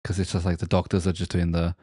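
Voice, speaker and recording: A young Welsh man with a Welsh accent, co-hosting a casual music podcast, animated and laughing often. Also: low-pitched, fast, no room sound, studio quality. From Wales. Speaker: podcast co-host. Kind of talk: casual chat about music.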